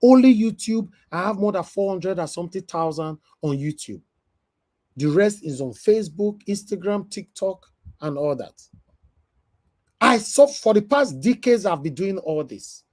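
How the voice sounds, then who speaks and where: A man from the UK with a Nigerian Pidgin accent, giving an animated, emotional commentary rant. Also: sits high, a little slow. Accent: Nigerian Pidgin English. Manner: animated, emotional, switching from loud to soft. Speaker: vlogger.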